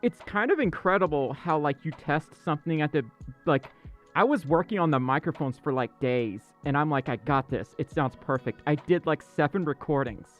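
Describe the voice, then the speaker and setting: Male livestream host, fairly high, very animated voice, flustered and stammery. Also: normal speed, muffled recording, soft background music. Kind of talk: casual livestream chat. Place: dark room indoors.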